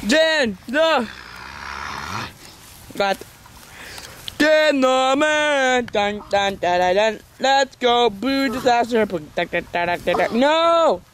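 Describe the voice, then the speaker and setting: A young man giving excited, laughing casual commentary on an amateur wrestling match, exclaiming and counting pins. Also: very high-pitched, slow pace, pauses often. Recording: noisy amateur outdoor recording.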